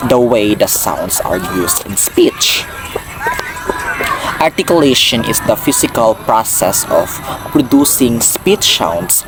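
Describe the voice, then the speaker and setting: Guy teaching speech sounds, drags it out slow, lots of ups and downs, traffic noise behind. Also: fairly low pitch. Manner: repeats sounds and words slowly for the listener to copy; rephrases his own points with "or". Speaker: presenter explaining phonology. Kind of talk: educational lecture.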